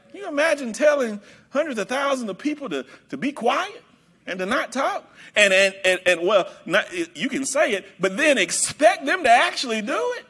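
A male preacher delivering a sermon in an emphatic, repetitive way, bursting into shouts. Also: extremely high pitch, big pitch swings, brisk, slightly rough.

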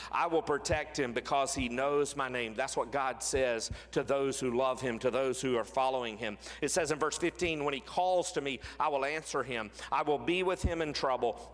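A man preaching a sermon as pastor, earnest, slowing and dropping his voice on key phrases. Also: medium pitch, fairly bright tone. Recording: long reverb of a large hall.

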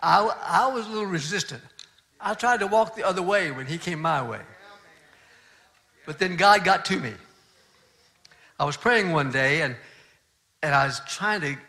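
An older male pastor telling a story from the pulpit, his voice bright and forceful and set a little high for a man. He speaks earnestly and conversationally and often stops to restart his sentences. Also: expressive, moderate pace, long pauses. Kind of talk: sermon storytelling.

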